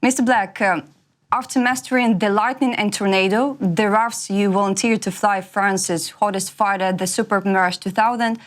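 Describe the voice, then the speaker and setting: A woman's voice: mid-range voice, steady tone, moderate pace. Formal woman interviewer. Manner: formal, reads prepared questions. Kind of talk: scripted interview questions.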